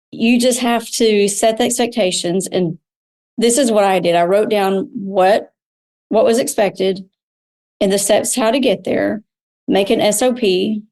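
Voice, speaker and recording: A woman's voice: medium pitch, a little mellow. A middle-aged woman, a medical spa owner, talking candidly as an interview guest and retelling her own experiences with frequent restarts. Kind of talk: conversational interview.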